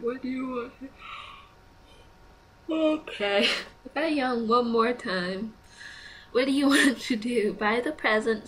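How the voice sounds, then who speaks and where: A woman's voice: a little high, a bit bright, a little hiss or hum, low-quality recording. Sleepy young woman reading game prompts. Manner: chatty, reads prompts aloud and muses, yawning and laughing. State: sleepy, yawning. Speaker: gamer playing a choice game. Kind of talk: let's play commentary.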